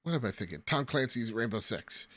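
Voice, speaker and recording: A man's voice: medium pitch, expressive, a little fast, a bit bright, no room sound. A man co-hosting a casual gaming podcast, joking around and reading out listener mail, with a slight lisp. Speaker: podcast co-host.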